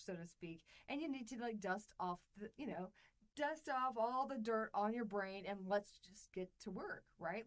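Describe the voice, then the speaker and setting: A woman's voice: fairly high pitch, low-quality recording. A woman hosting a solo podcast, talking with bubbly enthusiasm and playful asides to her listeners. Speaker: podcast host and publisher. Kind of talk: casual solo podcast talk.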